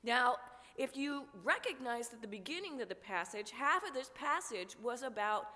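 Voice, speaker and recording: A woman pastor preaching a sermon while fighting a cold, in a slow, measured, prayerful way. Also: fairly high pitch, animated, sharp tone. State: has a cold, coughing. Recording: long church reverb.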